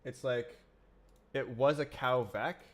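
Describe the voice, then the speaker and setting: Man, live coding stream, slow muttering, halting and puzzled, keyboard clicks behind. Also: medium pitch. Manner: muttering to himself while typing, puzzled and halting. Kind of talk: casual livestream coding chat.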